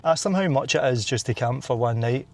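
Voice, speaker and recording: A Scottish man with a husky, brash voice, chatting casually as a travel vlogger outdoors. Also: medium pitch, animated, a little fast, a little mellow, a little hiss or hum. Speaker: vlog host. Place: outdoors by campervans.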